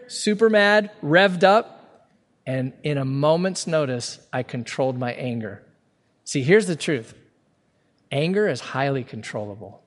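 High-voiced man preaching in a reverberant hall. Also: a bit bright. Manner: earnest, emphatic preaching with frequent restarts. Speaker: pastor. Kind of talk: sermon.

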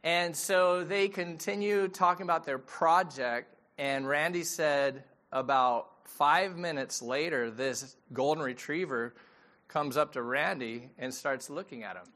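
A man's voice: on the high side, unhurried, bright, forceful tone. A middle-aged man, a pastor giving a sermon in a conversational storytelling way and asking the audience questions.

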